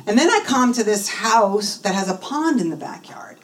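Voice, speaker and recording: During an interview, a middle-aged woman recounts something from her own life at a normal speed, her voice medium in pitch. She tells it with animation, voicing the characters with feeling, though she's slightly far from the microphone.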